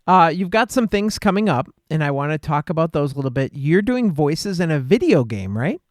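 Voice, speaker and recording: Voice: mid-range voice, big pitch swings, fairly quick, dry recording, clean studio sound. A podcast host chatting casually, giving short encouraging replies and questions.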